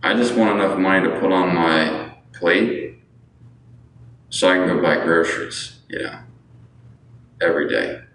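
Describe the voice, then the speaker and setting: A man's voice: low voice, unhurried, long pauses, fairly bright tone. A man chatting casually on a livestream, rambling and answering viewers, often tacking on "you know what I'm saying". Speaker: livestreamer asking viewers for money. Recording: echoey room with faint background noise.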